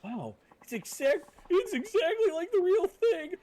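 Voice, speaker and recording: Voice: very high-pitched, very animated, measured pace, darkish tone, pitched above the performer's own voice, heavily acted, poor audio. A streamer voicing a giddy young adult male lover boy in a sing-song, overeager way, for a video game.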